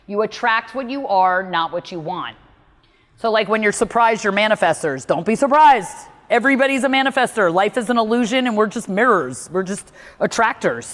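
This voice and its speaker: A woman's voice: medium pitch, in a large hall. A woman giving a motivational talk as a mindset coach, blunt and emphatic, with a lot of "like".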